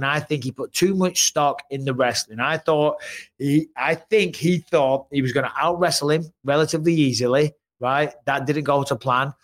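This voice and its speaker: A man hosting a podcast, talking emphatically in loose casual chat. His voice sits fairly high for a man. He keeps tossing in tag questions. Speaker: podcast host.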